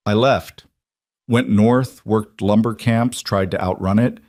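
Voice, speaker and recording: A man's voice: on the low side, steady tone, takes it slowly, a little mellow, no room sound, studio quality. A man voicing a weary frontier drifter. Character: weary frontier man running from his past.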